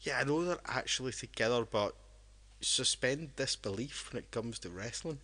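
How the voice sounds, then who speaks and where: A man's voice: mid-range voice, lively intonation, moderate pace, sharp tone. A drunk man, co-hosting a casual podcast chat and rambling with many restarts. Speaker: podcast co-host.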